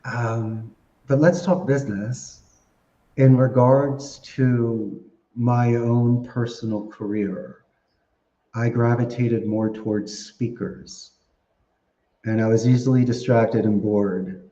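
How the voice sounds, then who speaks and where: Chatty guy on a podcast, lowish mellow voice, kinda dull roomy sound, laughs a lot. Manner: chatty, laughs often, playful wordplay. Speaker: podcast guest. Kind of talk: casual interview talk.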